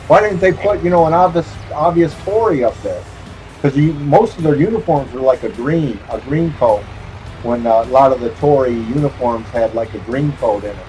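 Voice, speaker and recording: A man's voice: mid-range voice, lively intonation, moderate pace, mellow, soft background music, poor audio. A man streaming a game, chatting casually in a rambling, joking way and chuckling often. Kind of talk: casual chat while gaming.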